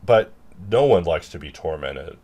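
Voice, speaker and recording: Deep-voiced man rambling casually. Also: lively intonation, measured pace. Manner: rambling, self-mocking, with loud mock-angry outbursts. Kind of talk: casual rambling chat while working.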